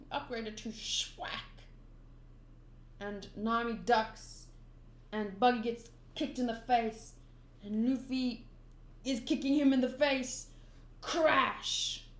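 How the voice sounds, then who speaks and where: A woman reading a manga aloud in a casual, chatty way, thinking aloud and giggling at the panels. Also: on the high side. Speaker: manga reader. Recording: echoey room.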